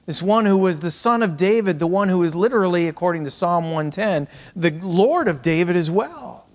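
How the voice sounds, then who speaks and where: A middle-aged man with a fairly high voice preaching from the pulpit. His delivery is dramatic, rising to fervent calls and then dropping to near-whispers. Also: expressive, normal speed. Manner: dramatic preaching, swinging from raised cries to hushed near-whispers. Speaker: pastor. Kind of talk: sermon.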